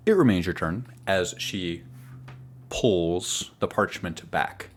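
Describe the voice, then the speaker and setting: Slow, low-voiced male game master. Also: expressive. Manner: unhurried, descriptive narration. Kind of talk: narrating a tabletop game.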